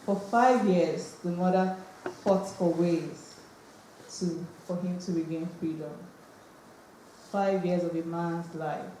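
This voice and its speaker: A speaker delivers an earnest monologue at a slow, deliberate pace. The tone is warm and mellow. The voice rings through a very echoey auditorium with faint hiss. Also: medium pitch. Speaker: monologue performer. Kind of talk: spoken monologue. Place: auditorium stage.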